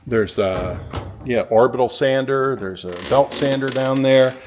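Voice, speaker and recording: A man walks through a workshop barn, rattling off tools one after another like an auctioneer. His voice sits at an ordinary middle pitch, loose and chatty, and he sounds like he is recording on a handheld camera. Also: unhurried, over music. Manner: rambling, listing tools like an auctioneer. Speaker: real estate agent touring a property. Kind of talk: casual walkthrough vlog.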